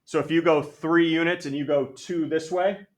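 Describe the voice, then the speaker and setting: A male math teacher lecturing a classroom, energetic and jokey, calling on students by name. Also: fairly high pitch, moderate pace. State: out of breath.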